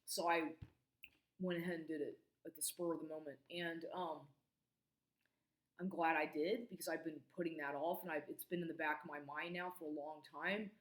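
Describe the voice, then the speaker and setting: A woman's voice: sits low, steady tone, normal speed. A woman telling a personal story in an angry, rambling way, swearing a lot, repeating herself and restarting her sentences. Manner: profane, agitated, repeats and restarts. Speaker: vlogger. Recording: echoey room.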